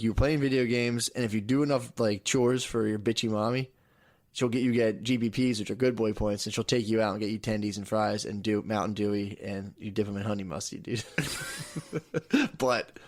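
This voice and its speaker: A man co-hosting a casual comedy podcast, rambling through stories, laughing often and acting out voices in quotes. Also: medium pitch. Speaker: podcast co-host. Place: podcast studio.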